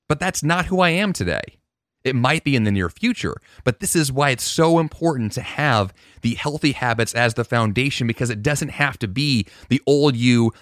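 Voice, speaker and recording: A man's voice: medium pitch, fairly bright tone, no echo, clean studio sound. A man hosting his own podcast, talking in an earnest, reflective way with fillers and restarts. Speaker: podcast host. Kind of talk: casual solo podcast monologue.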